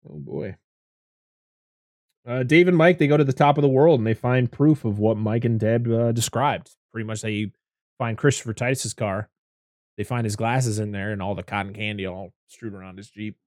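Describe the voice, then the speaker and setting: A man's voice: lowish voice, fairly even intonation, moderate pace, a little mellow, no room sound, studio quality. A man co-hosting a casual movie commentary podcast, retelling scenes with acted-out quotes and laughter. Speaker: podcast co-host.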